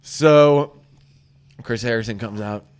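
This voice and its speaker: A man's voice: medium pitch, slow, smooth. A man hosting a radio show, casually and profanely retelling a story and acting out the people in it. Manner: animated, profane, storytelling with acted-out quotes. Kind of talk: casual comedic chat.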